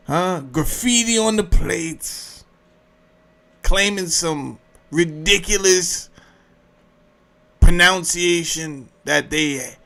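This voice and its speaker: A man giving casual, mocking commentary, animated and swinging between loud and soft. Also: sits high, drawn-out words, long pauses.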